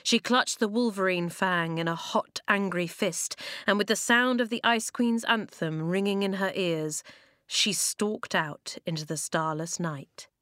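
A woman narrating a children's novel in an even, expressive storytelling manner. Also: mid-range voice, measured pace, no echo, clean studio sound. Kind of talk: audiobook reading of a children's novel.

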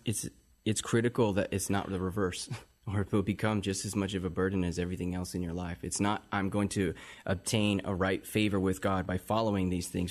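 A man hosting a podcast, talking about faith in a preaching style and quoting scripture in old wording. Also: low-pitched.

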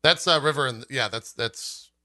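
Bright-voiced man in casual gaming chat. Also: mid-range voice, normal speed. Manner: relaxed, laughs often, restarts sentences. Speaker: podcast host.

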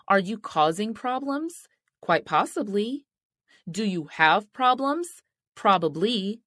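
A woman's voice: medium pitch, sing-song, a little slow, fairly bright tone, no room sound, studio quality. A middle-aged woman hosting a faith-based marriage podcast, talking directly and earnestly to listeners. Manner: earnest, direct, addresses listeners as "y'all" and "sis". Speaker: podcast host.

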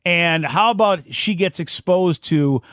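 A man hosting a casual podcast chat, talking excitedly and acting out quotes. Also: sits high, unhurried, dry recording, clean studio sound. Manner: excitable, acts out quotes, repeats himself when fired up. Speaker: podcast host.

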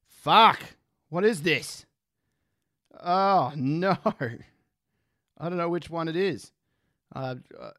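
A man's voice: mid-range voice, dry recording, studio quality. Sweary rambling Aussie guy. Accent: Australian. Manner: rambling, sweary, laughs often. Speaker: music reaction host. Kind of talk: casual chat.

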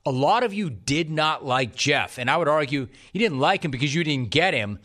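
Bright-voiced male talk radio host. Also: on the high side, lively intonation, normal speed. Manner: chatty, wry, reads listener messages.

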